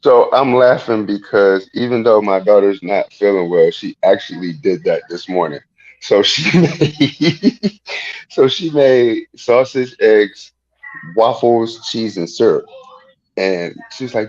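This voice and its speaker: A man's voice: fairly low pitch, slow pace, darkish tone, dull audio. A man on a talk panel telling an anecdote with amusement. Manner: amused storytelling. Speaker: panel guest.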